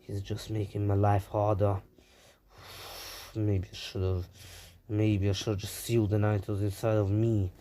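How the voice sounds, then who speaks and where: A man voicing a tired, exasperated older male village leader, speaking slowly and wearily. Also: on the low side, flat delivery, mellow, natural voice. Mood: weary.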